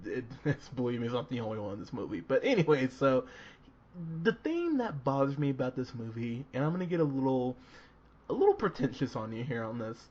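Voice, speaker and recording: A man's voice: mid-range voice, very animated, fairly quick, a little mellow. A man co-hosting a movie review podcast, chatting casually and animatedly, swearing and laughing often with lots of fillers. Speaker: podcast co-host. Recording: dull lo-fi podcast audio with faint noise.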